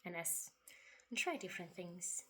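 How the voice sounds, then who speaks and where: A woman giving a reflective spoken monologue about spiritual ideas. She talks softly and without hurry, pausing often, sometimes dropping to a breathy half-whisper. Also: on the low side, animated. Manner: soft and unhurried, with long pauses, occasional breathy half-whispers and quiet laughs. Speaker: writer sharing spiritual reflections.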